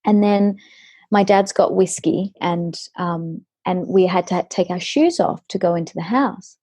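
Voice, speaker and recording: A young woman from Australia tells a story with animated energy, her voice mellow and a little husky. She is chatting casually as a guest over a video call, and the sound is close and dry. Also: on the low side, measured pace, dry recording. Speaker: guest, singer. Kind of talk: casual chat.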